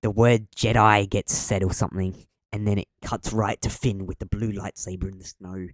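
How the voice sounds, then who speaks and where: A man's voice: lowish voice, little pitch movement, normal speed, no room sound, studio quality. A young man co-hosting a podcast, chatting casually and rambling, with many ums and restarts. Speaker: podcast co-host.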